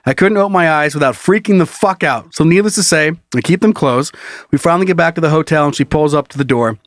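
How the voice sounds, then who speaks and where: A man's voice: fairly high pitch, fast talker, no echo. Man reading a story, laughing through it. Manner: laughs often while reading. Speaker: podcast co-host. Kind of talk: reading a listener story aloud, casual chat.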